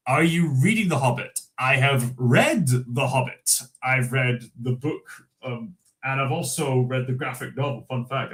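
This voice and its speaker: A young Scottish man hosting a casual livestream, halting and full of fillers, answering chat comments and reading from a magazine. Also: mid-range voice, fairly bright tone, rough recording. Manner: rambling, halting, with many fillers and restarts. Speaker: livestream host.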